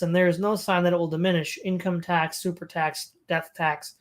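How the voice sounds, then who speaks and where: An audiobook reader reading a political essay aloud at a steady pace, now and then stumbling over a word and correcting it. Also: medium pitch, moderate pace.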